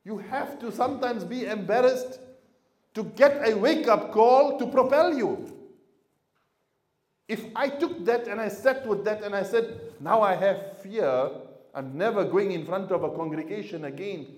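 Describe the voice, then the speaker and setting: Male imam, sermon delivery, slightly high pitch, dynamic storyteller, roomy echo. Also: unhurried. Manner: storytelling, swings from quiet to loud emphasis. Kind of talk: sermon to a congregation.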